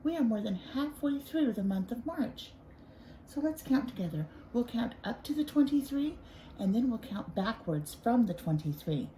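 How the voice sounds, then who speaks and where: A woman leading circle time for small children in an encouraging singsong. Her voice is fairly high and very lively, with a warm, mellow tone. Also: moderate pace, slight background noise, low-quality recording. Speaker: preschool teacher.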